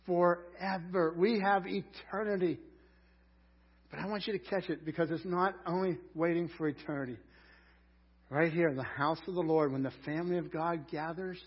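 A man preaching a sermon in a conversational way, rising loud on scripture lines. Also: on the high side, husky, dull audio. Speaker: pastor.

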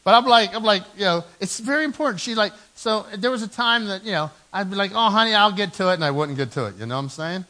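A man in his forties preaching a sermon in a church, telling stories with animated, self-mocking humor. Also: sits high, fast, hardly any pauses, low-quality recording. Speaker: pastor. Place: church sanctuary.

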